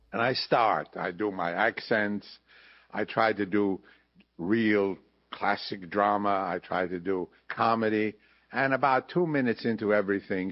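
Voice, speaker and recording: An older man in an archival interview, telling lively anecdotes and acting out the people he quotes. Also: lowish voice, highs cut off. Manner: lively raconteur, acts out quoted voices. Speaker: interviewee recalling his radio career.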